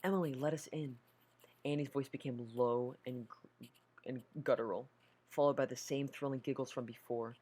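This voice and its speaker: A man's voice: mid-range voice, little pitch movement, normal speed, a little mellow, breathy edge. A man reading a horror story aloud, nervous, stumbling over words and correcting himself. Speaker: story narrator.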